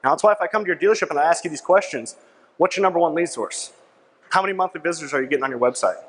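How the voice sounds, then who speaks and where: His voice a little high, a bit bright and breathy-edged, a young man talks very fast while giving a persuasive sales presentation at a conference. He's punchy, repeats key lines and keeps asking the crowd "right?", all echoing with the long reverb of a large hall.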